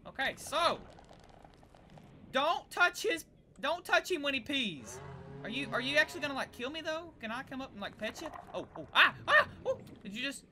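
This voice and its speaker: A young woman in casual let's-play commentary, excitable and gasping, chattering to the creatures she meets. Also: high-pitched, normal speed, slight background noise. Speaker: gameplay video creator.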